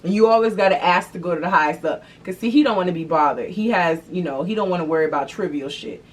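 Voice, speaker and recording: A young adult woman hosting a vlog, talking in an animated, profane, slangy way. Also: on the low side, quick pace. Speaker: vlog host. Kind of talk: casual chat to camera. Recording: distant mic, faint background noise.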